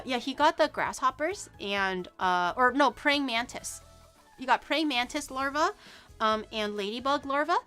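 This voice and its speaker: Bright, giggly woman streamer. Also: on the high side. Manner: giggly, rambling, chatty with many restarts. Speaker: VTuber streamer. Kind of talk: casual live-stream chat.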